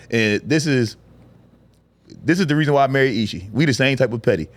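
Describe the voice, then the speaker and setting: A man in his thirties co-hosting a casual comedy podcast, telling stories and acting out quotes in high voices. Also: fast talker, dry recording. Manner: animated storyteller, acts out quotes in high voices. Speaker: podcast co-host.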